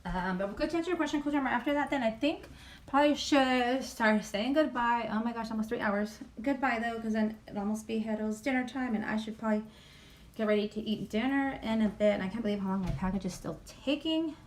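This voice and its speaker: A woman with a fairly high voice talks her way through a casual livestream from home. She reads a list aloud in a chatty, self-deprecating way and keeps saying sorry for her pronunciation. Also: brisk, a little hiss or hum. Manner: chatty, apologizes for mispronouncing names. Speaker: YouTube livestream host.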